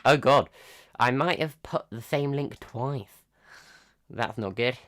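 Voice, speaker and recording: A man hosting a live tech news roundup in a casual, halting way, full of pauses, ums and restarts. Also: medium pitch, fairly bright tone. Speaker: tech news livestream host.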